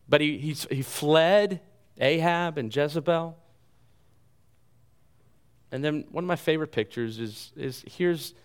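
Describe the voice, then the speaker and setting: Earnest male pastor preaching. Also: clear, resonant tone. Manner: earnest preaching, dropping soft and low in the closing appeal. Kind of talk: sermon.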